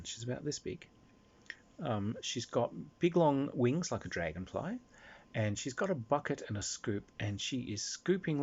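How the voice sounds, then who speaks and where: Animated man telling a gaming anecdote. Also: mid-range voice, breathy edge. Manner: animated, restarts, laughs through telling. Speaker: game master. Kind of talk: rambling storytelling anecdote. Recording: slightly dull lo-fi recording.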